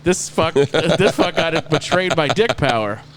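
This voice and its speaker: A man's voice: on the high side, animated, a little slow, slight background noise. A man hosting a podcast, chatting casually, swearing a lot and trailing off mid-sentence. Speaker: podcast host. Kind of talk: casual crude banter.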